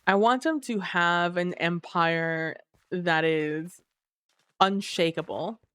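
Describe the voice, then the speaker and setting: A woman streaming a game live, chatting casually with her viewers while she plays, sleepy and relaxed. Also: fairly low pitch, slow pace, clean tone, no echo. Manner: relaxed, chatty, muses aloud to chat. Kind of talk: casual live gameplay chat.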